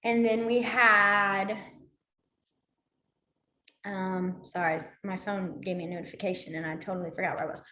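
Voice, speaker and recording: A woman's voice: mid-range voice, steady tone, normal speed, long pauses, pushed and bright, slight background noise. A woman teaching a beginner sign language class, playful and acting out each emotion with her voice as she explains. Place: library meeting room. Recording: echoey room.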